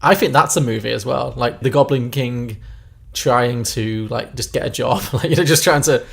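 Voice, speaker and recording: A man's voice: mid-range voice, normal speed, creaky, husky. A man co-hosting a casual podcast, reacting with wry, teasing remarks. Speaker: podcast co-host.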